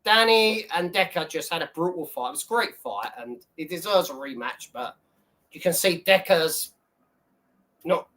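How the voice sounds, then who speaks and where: A man's voice: fairly high pitch, moderate pace, fairly bright tone. Male streamer, casual and sweary, rambling, laughs often. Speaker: livestream host. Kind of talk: casual live-stream chat.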